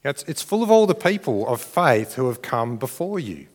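A man's voice: mid-range voice, sing-song, moderate pace. A man preaching a sermon in a conversational, earnest way, often restarting his phrases. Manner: conversational, restarts phrases, rises to shouted crowd cheers. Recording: long reverb of a church hall.

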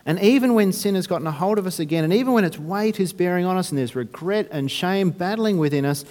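A man's voice: high-pitched, lively intonation, quick pace, a little mellow, long reverb tail. A man preaching a sermon, talking conversationally with restarts and rhetorical questions. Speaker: pastor.

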